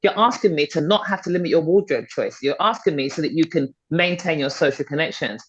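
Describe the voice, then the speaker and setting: Speaking briskly in a low, breathy voice, a middle-aged fitness and confidence coach appears as a podcast guest. Her talk is motivational and conversational, with emphatic persuasion and repeated points for stress. The audio is dull and slightly lo-fi.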